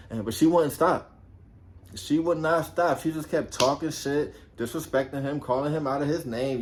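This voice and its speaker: A man's voice: on the high side, moderate pace, slight background noise. A man who used to be a police officer, telling a story casually, swearing a lot and acting out the voices of people in it. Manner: profane and animated, acts out quoted voices.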